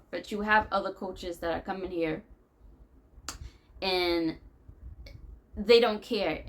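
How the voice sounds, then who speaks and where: A woman's voice: mid-range voice, low-quality recording. An American woman vlogging, talking her thoughts through in a loose, rambling way. Her tone is conversational and unscripted, the kind of venting talk that circles back on itself. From United States. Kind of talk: venting monologue.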